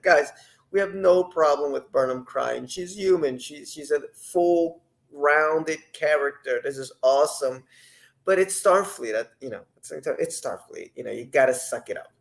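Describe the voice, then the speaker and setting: A man giving a casual, rambling spoken review of a TV episode, animated, with many fillers and restarts. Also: fairly high pitch, gravelly, poor audio.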